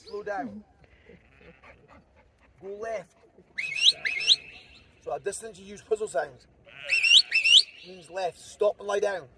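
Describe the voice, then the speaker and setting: A Scottish shepherd with a fairly high voice explains his sheepdog work in plain, simple words. He speaks outdoors in an open field. The recording is noisy, and dogs and sheep can be heard behind him. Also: slow, pauses often, recorded from a distance. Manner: explains plainly between short repeated commands to his dogs.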